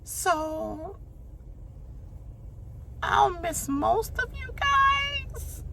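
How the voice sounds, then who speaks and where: A woman mocking a teary, squeaky houseguest. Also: lively intonation, gravelly, very noisy, full character voice. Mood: teary, gushing. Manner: high, wavering and teary, with halting ums. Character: tearful gushing female houseguest giving a shaky farewell speech.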